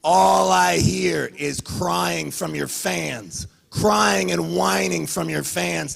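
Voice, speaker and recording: Gravelly man taunting in an echoing hall. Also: a little high, slow, hardly any pauses, a bit bright. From Canada. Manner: heated, repetitive, taunting questions. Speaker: arm wrestler at a press conference. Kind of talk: confrontational trash talk. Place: press conference venue. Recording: reverberant hall.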